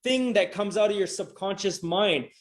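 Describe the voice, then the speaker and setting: Over a video call microphone, a middle-aged man with a high voice speaks at a moderate pace, presenting a motivational coaching session. He's emphatic and repetitive, casual in manner, and swears freely.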